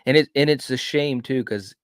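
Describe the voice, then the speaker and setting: A man's voice: medium pitch, clean tone, no echo, clean studio sound. A man who is a guest on a live watch-party, chatting casually about movies with a lot of restarts. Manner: halting, many restarts and filler words. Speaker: guest co-host.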